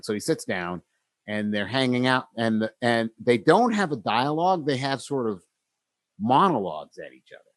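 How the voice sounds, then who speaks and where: A man's voice: medium pitch, very animated, moderate pace, no echo. A man co-hosting a podcast, retelling story scenes in a casual way and acting out the characters' lines. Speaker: podcast co-host.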